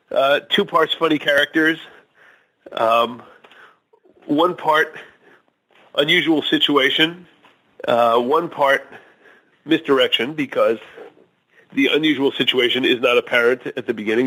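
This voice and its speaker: Halting, thoughtful male guest. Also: mid-range voice, pushed and bright, low-quality recording. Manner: hesitant, many fillers and restarts, tells jokes slowly. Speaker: guest author. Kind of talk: casual interview talk.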